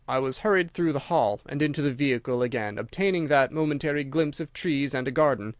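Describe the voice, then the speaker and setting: Male audiobook narrator, mid pitch, measured delivery, dry close recording. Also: dry recording. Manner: measured, steady storytelling. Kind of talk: scripted narration.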